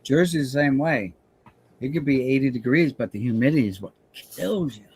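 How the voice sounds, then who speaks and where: Husky man telling rambling stories. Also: medium pitch, normal speed, a little mellow. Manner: rambling, storytelling with many restarts. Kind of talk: casual chat.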